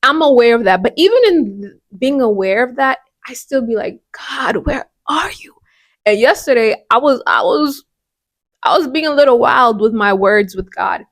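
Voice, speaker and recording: A woman hosting a faith podcast, speaking earnestly and casually in a fairly high voice. She often stops and restarts her phrases. The sound is dry and close, with no room echo. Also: lively intonation, moderate pace. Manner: earnest and conversational, with frequent restarts. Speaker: podcast host. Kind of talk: devotional podcast talk.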